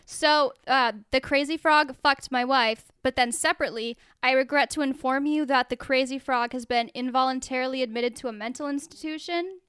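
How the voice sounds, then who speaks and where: A woman's voice: sits high, moderate pace, few pauses, a bit bright, smooth, no room sound, studio quality. A young woman co-hosting a podcast in casual, rambling chat, laughing often. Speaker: podcast co-host.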